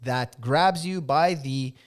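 A man's voice: medium pitch, slow. A man co-hosting a podcast, earnestly defending a film, often restarting his sentences. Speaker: podcast co-host. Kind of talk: casual comedic debate.

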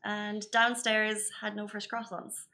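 A woman's voice: mid-range voice, completely flat delivery, slow, bright, forceful tone. A young woman co-hosting a daily news podcast, chatty and upbeat in casual talk. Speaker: podcast co-host. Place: studio in Dubai.

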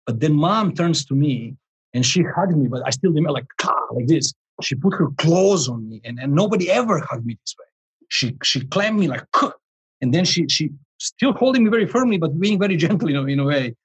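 A man in his forties, a life coach, telling a story in a podcast interview, animated and rambling, with frequent restarts and chuckles. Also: fairly high pitch, a little fast, husky, rough recording.

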